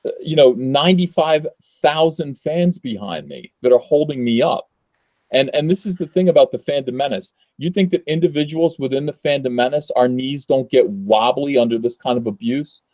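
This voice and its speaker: A man's voice: medium pitch, mellow, no echo. A man talking as a guest on a casual livestream, earnest and emphatic, with hesitant fillers.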